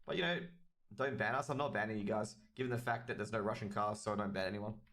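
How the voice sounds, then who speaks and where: A man's voice: lowish voice, fast, a bit bright. A man with an Australian accent giving chatty, rambling solo commentary on a livestreamed match and talking straight to his chat. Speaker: esports caster.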